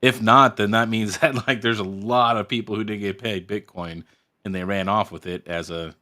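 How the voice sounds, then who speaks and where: A slow-talking man co-hosting a laid-back livestream. His voice is low but bright and forceful, and he draws out his words. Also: fairly even intonation. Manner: slow talker, drawling. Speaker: livestream co-host. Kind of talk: casual chat.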